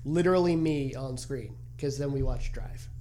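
A man's voice: medium pitch, moderate pace, mellow. A man co-hosting a podcast in casual chat, rambling and restarting his sentences. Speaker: podcast co-host.

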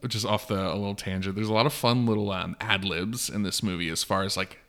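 A married man co-hosting a podcast, chatting casually about a film, rambling with lots of "like" and loud acted-out quotes. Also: lowish voice, fairly even intonation, fast. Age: adult, long married. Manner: rambling, heavy on "like", acts out quotes with big jumps in loudness. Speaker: podcast co-host.

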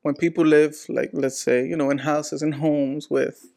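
A man's voice: on the high side, level tone, moderate pace, creaky, warm tone. A man, hosting a casual, joking, slang-heavy chat.

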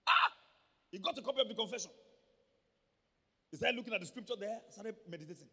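A man with a Nigerian accent preaching a sermon as pastor, emphatic and repetitive, rising at times to shouts. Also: high-pitched, fast, husky. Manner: emphatic, repeats words, rises to shouts. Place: church hall. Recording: long church hall reverb.

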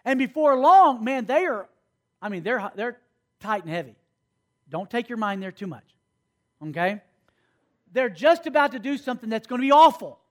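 High-voiced preacher telling stories. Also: male voice, big pitch swings, normal speed, long pauses. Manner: storytelling, acts out characters, calls for responses. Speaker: youth pastor. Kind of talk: sermon.

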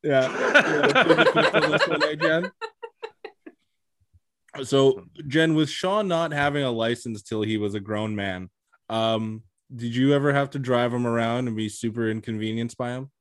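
A man's voice: mid-range voice, moderate pace, a bit bright, dry recording, clean studio sound. A young man hosting a podcast in casual chat, talking chattily with lots of laughs and filler words. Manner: chatty, laughs often, says "like" a lot. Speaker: podcast host.

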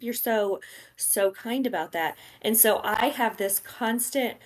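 A woman book editor chatting on a podcast, measured and dryly amused. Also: fairly high pitch. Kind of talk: casual chat.

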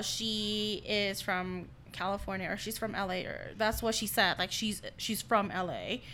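Bright-voiced young woman telling stories. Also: a little high, a little hiss or hum. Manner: storytelling, quotes others in her tales. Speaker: podcast co-host. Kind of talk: casual chat.

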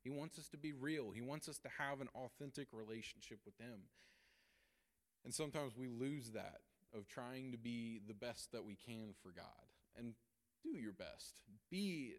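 A young man teaching a church Bible study lesson, energetic, laughing often and acting out quotes. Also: mid-range voice, normal speed.

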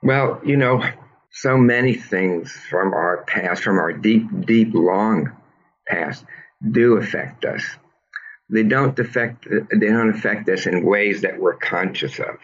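A man with a deep, husky voice explains ideas patiently, like a teacher, often stopping to restart a phrase. He is a therapist answering interview questions. The recording sounds a little dull and lo-fi. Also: slow pace, fairly bright tone. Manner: thoughtful, teacherly, with frequent restarts. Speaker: trauma therapist, guest.

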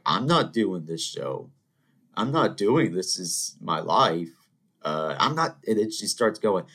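A man hosting a solo podcast, telling rambling anecdotes in an animated, conversational way. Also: lowish voice. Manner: animated storytelling, rambling asides, mock voices. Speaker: podcast host. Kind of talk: solo ranting monologue.

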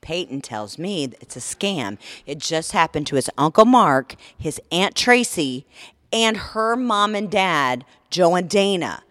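A woman's voice: fairly low pitch, a little slow, dry recording. Mom in her 40s telling a wild story on a podcast, cusses nonstop, dry close sound. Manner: profane, animated storyteller. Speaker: podcast co-host. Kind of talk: casual storytelling chat.

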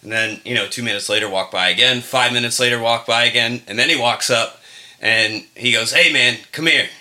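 A man's voice: medium pitch, steady tone, fairly quick, pushed and bright. A man hosting a podcast, telling a funny story in a laid-back, joking way. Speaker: podcast host. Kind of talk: casual chat.

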